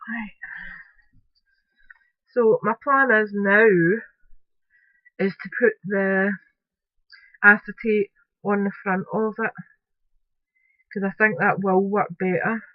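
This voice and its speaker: A woman's voice: mid-range voice, fairly even intonation, takes it slowly, pauses often, no echo. A Scottish woman talking through a craft tutorial at home in a chatty way, with apologetic asides as she works. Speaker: crafting vlogger. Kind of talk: casual craft tutorial narration. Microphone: camera close-up. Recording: dull, dry home recording.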